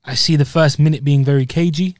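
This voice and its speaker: A man's voice: a little high, steady tone, a little fast, darkish tone, no room sound. A man with a British accent co-hosting a fight podcast in casual chat, full of fillers. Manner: chatty, lots of fillers and "you know what I mean". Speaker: podcast co-host.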